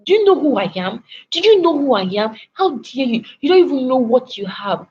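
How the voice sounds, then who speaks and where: A woman's voice: mid-range voice, fairly even intonation, brisk, natural voice. A woman voicing a furious, arrogant male boss who rants and hurls insults, on a lo-fi recording with faint noise. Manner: shouting insults, indignant.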